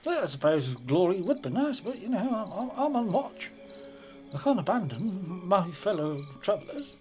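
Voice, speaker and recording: A woman playing her character in a tabletop game, her voice swooping lively up and down. She speaks in a plummy, courteous way and trips over her own restarts, with music faint behind. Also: mid-range voice, moderate pace. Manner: plummy, polite, stammering restarts. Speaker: player. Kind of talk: in-character roleplay.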